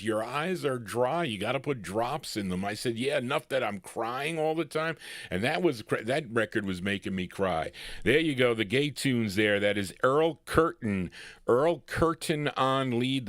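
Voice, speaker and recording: A man's voice: on the low side, no echo, studio quality. A man hosting a live oldies record show, chatting in rambling asides between records. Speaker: radio show host. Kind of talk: live radio DJ patter.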